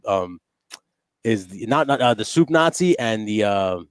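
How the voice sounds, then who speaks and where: A man's voice: on the low side, measured pace, clear, resonant tone, no echo, studio quality. Laughing man in casual podcast chat. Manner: animated, quotes sitcom lines in put-on voices and laughs often. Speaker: podcast co-host.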